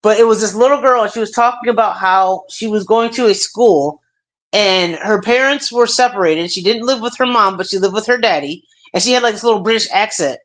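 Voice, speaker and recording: A woman hosting a casual talk stream, telling stories in a lively way with plenty of fillers. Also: mid-range voice, fairly quick. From United States. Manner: animated storytelling with many fillers. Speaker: stream host. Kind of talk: casual chat.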